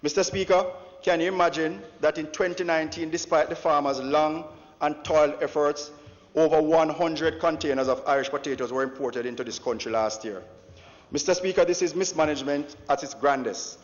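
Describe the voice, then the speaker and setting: A man's voice: fairly high pitch, a little fast. A Jamaican man, an opposition member of parliament, delivering a formal, declamatory speech and often addressing the Speaker. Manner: declamatory, punctuates with "Mister Speaker". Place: large parliament chamber. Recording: dull echoey chamber broadcast audio.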